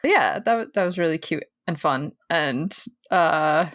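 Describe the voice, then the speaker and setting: A woman co-hosting a casual podcast, chatty and quick to laugh. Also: sits low, animated, fairly bright tone. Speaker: podcast co-host.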